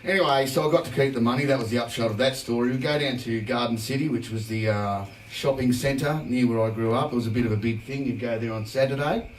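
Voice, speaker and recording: A man's voice: medium pitch, fast, few pauses, distant mic, slight background noise. An Australian man, a band singer, casually telling a rambling story and laughing along as he hosts a livestream. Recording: roomy, from off the mic, guitar music.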